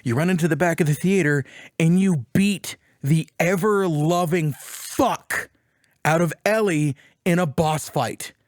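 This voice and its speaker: A man's voice: fairly high pitch, no room sound, studio quality. A man on a casual podcast, animatedly retelling a video game story with plenty of swearing and bits of acted-out character lines. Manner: acts out characters with quick voice jumps. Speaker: podcast co-host. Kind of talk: casual chat.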